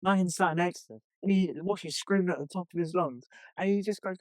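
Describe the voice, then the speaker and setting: A young man co-hosting a podcast in casual chat, excitable and swearing a lot. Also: high voice, fast talker, dry recording. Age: young adult. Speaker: podcast co-host.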